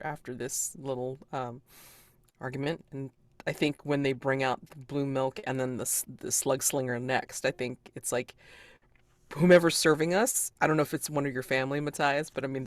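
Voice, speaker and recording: A woman's voice: extremely low pitch, dry recording. A woman playing a character in a tabletop role-playing game, talking in a hesitant, rambling way with frequent laughs. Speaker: player.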